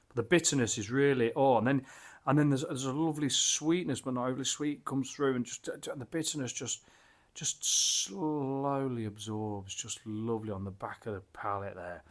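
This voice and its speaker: A man casually reviewing a beer as he tastes it, enthusiastic and rambling, with lots of fillers and restarts. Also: medium pitch.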